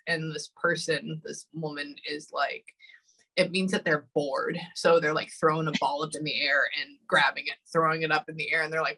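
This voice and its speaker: A woman giving a casual live reading, often pausing and dropping into soft whispers. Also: low voice, level tone, breathy edge, rough recording. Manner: casual, pauses often with "hold on" and drops to whispers. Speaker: psychic medium.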